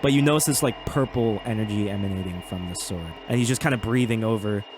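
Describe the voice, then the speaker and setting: A man's voice: fairly low pitch, fast, background noise. Chatty man running a tabletop game. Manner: relaxed, chatty, hesitant fillers. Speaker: game master.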